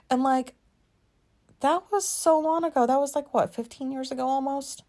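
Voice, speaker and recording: A woman in her forties, hosting a podcast and talking through an embarrassing memory in a candid, rambling way, self-conscious and quick to swear. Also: sits high, a little mellow. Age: 40s. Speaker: podcast host. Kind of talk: candid personal monologue.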